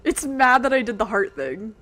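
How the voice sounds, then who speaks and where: Excitable woman streaming a game. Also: fairly high pitch, normal speed. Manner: excitable, swears when frustrated. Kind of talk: casual live-stream commentary. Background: game music.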